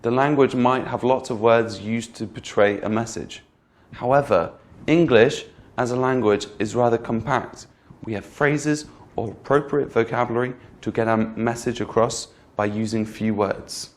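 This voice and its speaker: A man teaching English pronunciation in a clear, patient lesson, repeating example words and checking in with the learner. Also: medium pitch, fairly even intonation, moderate pace. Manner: patient, repeats each example word twice; addresses the learner directly with frequent "okay?". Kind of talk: slow, clear instructional lesson.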